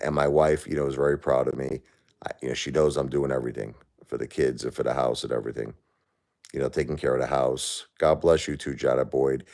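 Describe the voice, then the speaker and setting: A grieving man talking to his viewers on a live stream, halting and repeating himself. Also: extremely low pitch, darkish tone. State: grieving, stressed. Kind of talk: emotional live-stream chat.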